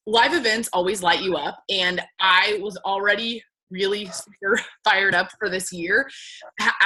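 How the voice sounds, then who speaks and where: A woman's voice: mid-range voice, pushed and bright, rough recording. A woman who leads a team, talking emotionally on a group call with lots of "like"s. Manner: emotional, rambling with many "like"s. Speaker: team leader. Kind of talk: casual chat on a group call.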